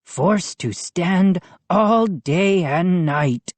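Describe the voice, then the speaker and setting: A woman's voice: lowish voice, lively intonation, extremely slow, no room sound, voice pushed up. A woman voicing an eager little male lawn gnome who squeals and implores. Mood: imploring.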